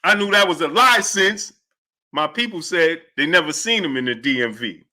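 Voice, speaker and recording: Excitable man hosting a boxing livestream. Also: on the high side, normal speed. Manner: excitable, reads out viewer messages, swings between loud and muttered. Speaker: host.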